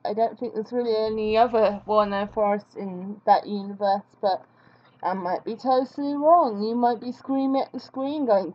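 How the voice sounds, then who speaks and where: A woman with a medium-pitched voice speaks at a normal pace, chatting casually as she draws on screen. She's a vlogger who hums along and pokes fun at herself while she works. The recording sounds dull and lo-fi.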